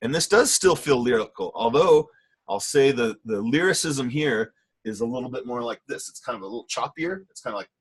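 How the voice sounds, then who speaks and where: A man's voice: mid-range voice, expressive, a little fast, breathy edge. A middle-aged man teaching an online painting class, critiquing students' work in an enthusiastic, rambling way. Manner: enthusiastic, rambling, with many fillers and self-corrections. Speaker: art teacher.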